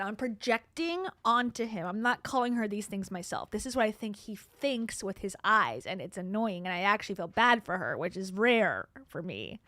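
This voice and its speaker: A woman's voice: mid-range voice, sing-song, moderate pace, pushed and bright, no room sound, studio quality. A woman hosting a reaction video, making blunt, sarcastic casual commentary.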